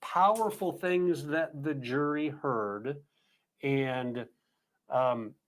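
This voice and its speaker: A man recounting courtroom testimony in a measured news-report manner, slowing down with pauses and fillers. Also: medium pitch. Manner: slow, deliberate delivery with pauses and fillers. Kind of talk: measured news narration, reading quoted calls.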